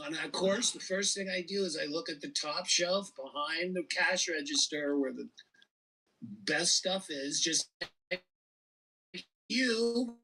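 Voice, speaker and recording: A man in his fifties, a guest telling an animated and emotional story in a casual interview. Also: fairly high pitch, slow, long pauses, breathy edge, rough recording. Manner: animated, emotional storyteller who repeats and restarts.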